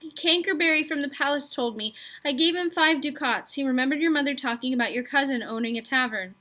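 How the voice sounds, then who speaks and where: High stammering boy, tearful, shivering, scared but defiant, storybook reading, voiced by a woman. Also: brisk, sharp tone. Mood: sniffling.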